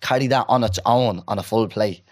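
Man telling an animated story. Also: lowish voice, a little fast. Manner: animated storyteller, acts out quoted people. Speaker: podcast co-host. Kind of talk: casual chat.

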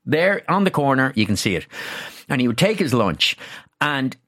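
A man swapping travel stories on a radio chat. His voice sits at an ordinary middle pitch. He talks with eager enthusiasm, restarting and circling back as the stories tumble out. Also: big pitch swings, normal speed, fairly bright tone. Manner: enthusiastic storyteller, chatty with many restarts. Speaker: travel journalist guest.

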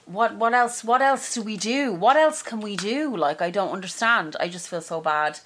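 A young woman with an Irish accent chatting casually, frank and quick to swear. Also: mid-range voice, fairly bright tone. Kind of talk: casual chat.

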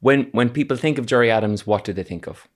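A man's voice: mid-range voice, fast talker, slight background noise. A man with an Irish accent, hosting a podcast in a chatty, self-deprecating way and swearing freely. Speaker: podcast host. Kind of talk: casual podcast intro and interview.

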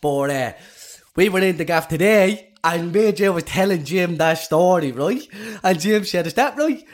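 Animated Irish man, higher voice. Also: normal speed. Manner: animated storytelling, voice rising when excited. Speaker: podcast co-host. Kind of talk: casual podcast chat.

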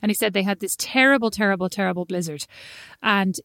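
A woman's voice: mid-range voice, fast talker, dry recording, studio quality. Chatty Irish woman in her forties. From Ireland. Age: early 40s. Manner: chatty, animated storyteller with frequent laughs. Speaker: podcast co-host. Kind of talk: casual chat.

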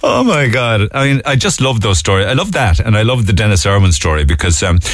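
A man's voice: lowish voice, expressive, a little fast, dry recording. A man hosting a radio show, chatting easily and laughing along with his caller on a studio microphone. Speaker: radio host. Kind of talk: casual radio chat.

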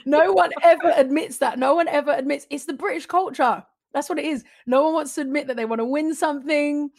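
A woman hosting a podcast interview, enthusiastic and quick to laugh. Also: high voice, a little mellow. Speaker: podcast host. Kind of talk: interview chat.

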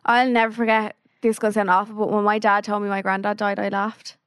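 A woman's voice: medium pitch, level tone, quick pace, fairly bright tone, clear, resonant tone, no room sound, studio quality. A young woman in casual chat, talking candidly and a little self-deprecatingly, often trailing off mid-sentence.

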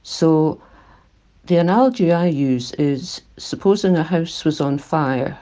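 An older woman with a Glaswegian accent speaks in a recorded interview. Her voice is mellow and dark, and she talks earnestly, with feeling that makes it shake now and then. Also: low-pitched, unhurried. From Scotland. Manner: earnest, emotional, voice shaking at times. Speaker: climate activist.

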